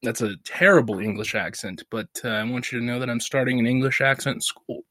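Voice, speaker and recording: Congested from a sinus infection, this man co-hosts a podcast, brisk and laughing as he animatedly tells stories in casual conversation. His voice is mid-range. The audio is studio quality with no room sound.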